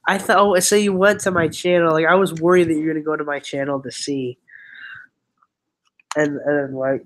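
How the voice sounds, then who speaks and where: A man's voice: fairly high pitch, brisk, slight background noise, rough recording. A young man hosting a casual livestream chat, rambling and giggly, often restarting his sentences. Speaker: livestream host.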